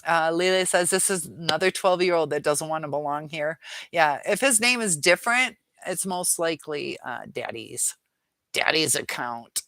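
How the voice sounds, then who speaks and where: A middle-aged woman hosts a live chat, reading viewer comments aloud and pushing back on them. Her voice sits a little low and sounds dry, with no room around it. She speaks frankly and sounds fed up. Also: animated, moderate pace, a bit bright, no echo.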